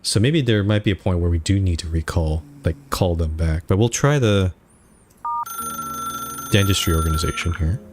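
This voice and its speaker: A Canadian man thinking aloud as he plays a game, with halting, musing commentary. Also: sits low, darkish tone, slight background noise. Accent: Canadian English. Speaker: game streamer. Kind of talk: casual let's-play commentary.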